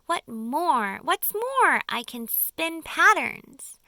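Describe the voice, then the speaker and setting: Storybook spider, female, vain and boastful, high haughty tone; woman performer. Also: very animated, drawn-out words, pushed and bright, dry recording, heavily acted. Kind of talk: audiobook character voice.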